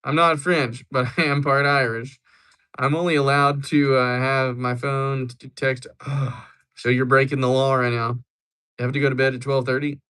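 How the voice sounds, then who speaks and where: A man's voice: medium pitch, little pitch movement, normal speed, a bit bright, clean tone. A young man hosting a livestream, chatting casually and joking as he answers viewers. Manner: joking, rambling replies to chat. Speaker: livestream host.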